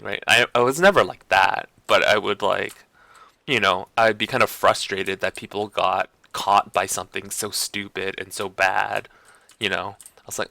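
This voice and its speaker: Low-ish guy on stream just rambling, lots of likes and you knows, bright forceful tone, dry sound. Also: steady tone, normal speed, creaky, dry recording. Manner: rambling, restarts sentences and repeats himself; heavy use of like and you know. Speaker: gaming streamer. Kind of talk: casual chat.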